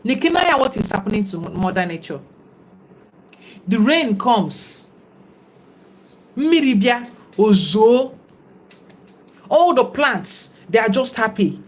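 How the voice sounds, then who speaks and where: A woman's voice: a little high, very animated, slow, long pauses. A woman, talking casually and reflectively to viewers on a livestream, in a preachy tone. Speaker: livestream host.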